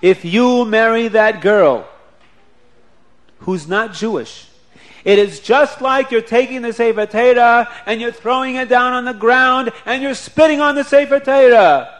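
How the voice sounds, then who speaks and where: A man voicing a calm, insistent rabbi who speaks in slow, measured requests. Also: on the high side. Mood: stern.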